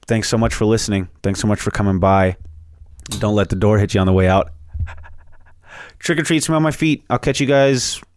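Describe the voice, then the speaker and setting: A man's voice: on the low side, fairly even intonation, moderate pace, pauses often, darkish tone, clear, resonant tone, no echo. A young man hosting a solo podcast, rambling in a profane, jokey, casual way. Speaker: podcast host.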